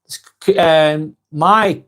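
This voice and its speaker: A man's voice: a little high, extremely slow, fairly bright tone. An English man hosting a live vlog, chatting casually, reading out viewer comments, blunt and swearing freely.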